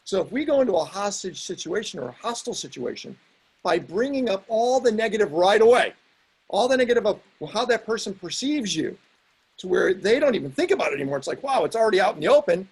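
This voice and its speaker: A male host with a high, gravelly, husky voice that swings widely in pitch. He chats casually and tells stories with animation. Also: fast, rough recording. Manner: animated storyteller, laughs often. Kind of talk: casual chat.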